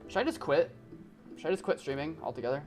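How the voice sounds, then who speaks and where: Over game music, a young streamer at his home desk talks fast in a fairly high, expressive voice. He chats casually with viewers and begs his cat, clearly exasperated.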